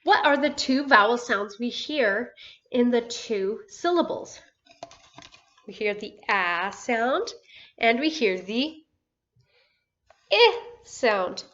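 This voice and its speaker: A woman teaching a phonics lesson to first graders, slow and patient, drawing out each word and praising often. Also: on the high side, animated, a bit bright, lo-fi sound. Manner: slow, patient, drawn-out words with encouraging praise. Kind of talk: phonics lesson for young children.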